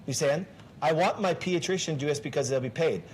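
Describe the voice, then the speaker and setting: A man's voice: a little high, quick pace, a little hiss or hum. A man hosting a casual health talk show as a doctor, talking emphatically, with restarts and rhetorical questions.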